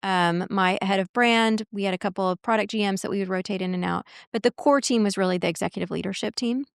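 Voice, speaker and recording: A woman guest in a podcast interview, telling workplace stories in an animated way and acting out quoted dialogue. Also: mid-range voice, quick pace, creaky, smooth, no echo, clean studio sound. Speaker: guest, marketing executive and coach.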